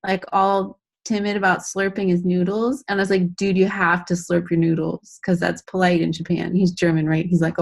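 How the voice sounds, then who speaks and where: A woman shares a lively story during a casual group call. Her delivery is bubbly and excited, and she rushes ahead as the story unfolds. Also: fairly low pitch, gravelly. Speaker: call participant. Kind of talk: casual check-in on a video call.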